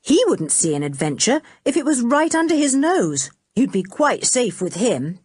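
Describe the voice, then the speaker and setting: A woman's voice: a little high, very animated, normal speed, a little mellow, husky, no room sound, clean studio sound, voice pushed up. A woman doing an easygoing teenage boy. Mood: comforting. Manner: comforting, matter-of-fact.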